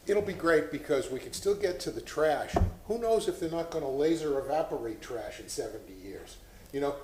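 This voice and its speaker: An impassioned man speaks at a public board meeting and admits he is getting preachy. His voice sits at a middle pitch. The echoey chamber carries a faint hiss. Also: darkish tone. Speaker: board member. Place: city meeting room.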